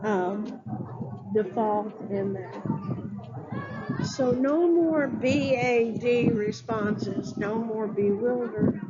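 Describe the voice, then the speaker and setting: A woman educator giving an instructional talk to teachers, deliberate and spelling words out letter by letter. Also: fairly high pitch, heavy background noise. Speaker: early childhood educator. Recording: dull lo-fi sound with clear background ambience.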